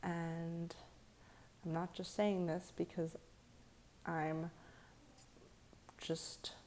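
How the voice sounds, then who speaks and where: A young woman hosting a late-night live stream, talking low and softly, half whispering at times so she won't wake anyone. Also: flat delivery, very slow, a little hiss or hum. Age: young adult. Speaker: livestream host. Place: echoey room at night.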